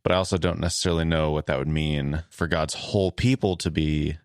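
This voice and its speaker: A man co-hosting a podcast, asking and answering questions in a measured, thoughtful way with some hedging. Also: rumbling low, steady tone, no echo, studio quality. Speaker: podcast co-host. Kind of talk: casual conversation.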